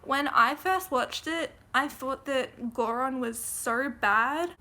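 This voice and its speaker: A woman's voice: high voice, slow pace, pushed and bright. A woman recapping a TV series in a casual vlog, chatty, with frequent "like" fillers and casual swearing. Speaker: video essayist.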